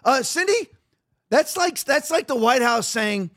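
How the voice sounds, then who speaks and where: High-voiced man ranting on politics. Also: animated, unhurried, a bit bright. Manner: emphatic, repetitive, sarcastic. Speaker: podcast host. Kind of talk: political commentary.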